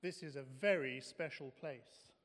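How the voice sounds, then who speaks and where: A man's voice: mid-range voice, unhurried, fairly bright tone, voice pushed down. A man reading aloud, voicing God as a firm, solemn and reassuring presence. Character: commanding yet reassuring male God. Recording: echoey hall.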